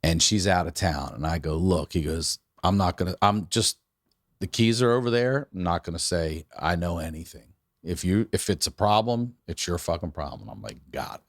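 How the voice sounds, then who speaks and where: A man's voice: low-pitched, moderate pace, no echo, studio quality. A man telling a long, profane story in casual chat, acting out the voices of the people in it. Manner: profane, animated, acts out quoted voices. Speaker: podcast co-host telling a story.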